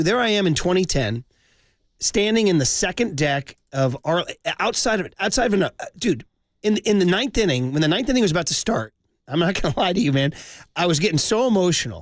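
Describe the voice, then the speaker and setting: A man's voice: high voice, sing-song, brisk, no room sound. Passionate male sports radio host, dry studio. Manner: passionate, storytelling, says dude a lot. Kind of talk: emotional sports talk radio.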